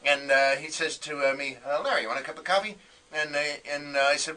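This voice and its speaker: A man telling a story as a guest on a radio interview, animated and acting out the voices he quotes. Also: mid-range voice, quick pace, distant mic. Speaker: comedian guest.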